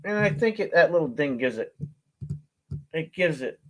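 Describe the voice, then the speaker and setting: A man hosting a casual live coin auction, joking and laughing as he praises a coin and calls out bids. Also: on the high side. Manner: folksy, joking, laughs often; slow, drawn-out calls with animated countdowns.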